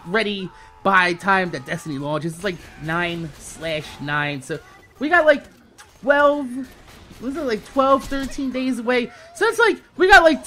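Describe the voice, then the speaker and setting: High-voiced man ranting through a profane story. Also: bright, forceful tone. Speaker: gaming channel host. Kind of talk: casual storytime rant.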